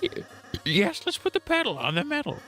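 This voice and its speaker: A man's voice: very high voice, huge pitch swings, brisk, sharp tone, soft background music, pitched above the performer's own voice, full character voice. A man voicing a goofy, boastful young male spade prince with a silly sing-song delivery. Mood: goofy cheerful.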